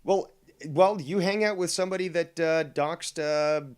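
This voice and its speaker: A man hosting a live call-in show, answering in sarcastic, drawn-out retorts full of ums and uhs. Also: on the high side, darkish tone, clear, resonant tone. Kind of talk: casual live call-in chat.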